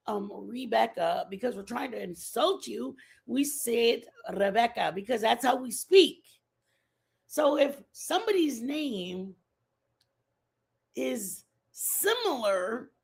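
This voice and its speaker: A woman from a Mexican family background hosts a casual livestream, her voice high and husky. She chats with live viewers in a rambling, talkative way and keeps repeating herself.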